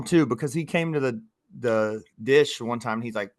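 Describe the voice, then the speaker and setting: Brief: male youth baseball coach, co-host, lively storyteller, mid-pitched voice, close dry recording with no room sound. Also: normal speed, dry recording. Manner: animated storytelling, quoting players. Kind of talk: casual podcast chat.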